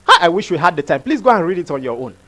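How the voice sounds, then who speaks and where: Male pastor, high voice, emphatic sermon, repeats himself, rhetorical questions. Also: sing-song, very fast, bright, forceful tone.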